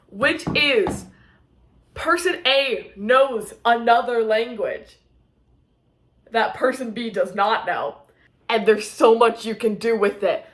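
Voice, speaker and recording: A young woman talks through a casual reading vlog, her voice pitched high and bouncing with excitement. She gushes and drifts into giggles and squeals, and the room around her rings with a noticeable echo. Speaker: book vlogger.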